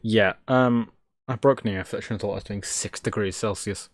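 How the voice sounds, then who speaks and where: A man's voice: on the low side, steady tone, no room sound, clean studio sound. A man streaming live, talking to himself, exasperated and joking, swearing freely. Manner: exasperated, muttering at a slow computer. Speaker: Linux livestreamer. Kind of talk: casual live-stream self-talk.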